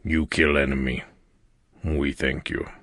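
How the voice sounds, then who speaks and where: A towering male alien questions his captive in an audiobook. The voice sits at the very bottom of the range, booming and broken, each word dropped slowly and flatly. The sound is dry and close. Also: no room sound, heavily acted. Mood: grave. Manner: terse, halting questions. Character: huge male alien warrior, grim. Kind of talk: audiobook character voice.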